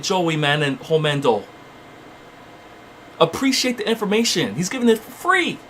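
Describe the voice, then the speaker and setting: Man, high voice, fiery exhorting preacher, faint background hiss. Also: sing-song, normal speed, long pauses, a bit bright. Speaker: channel host. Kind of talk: spiritual motivational preaching.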